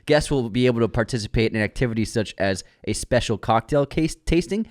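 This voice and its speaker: A playful young man co-hosting a podcast, reading out news items in a relaxed chatty way. His voice sits at a middle pitch but moves with a lot of lively rise and fall. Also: a little fast. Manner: playful, reads news items, jokes around. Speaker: podcast co-host. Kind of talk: casual chat.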